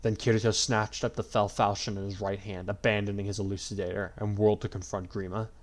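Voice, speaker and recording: A man narrating a fan-fiction story at a steady, unhurried pace. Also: on the low side.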